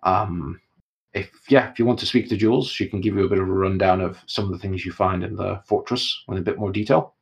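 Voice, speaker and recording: A man running a tabletop role-playing game as game master, explaining locations and rules at an easy, measured pace. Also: sits low, steady tone, vocal fry, muffled recording.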